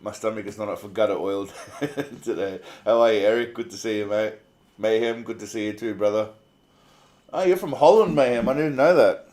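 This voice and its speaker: On the low side with a darkish tone and a brisk delivery, an Australian host reads viewer comments during a casual livestream. He's easygoing and chatty, swears freely, and calls people mate.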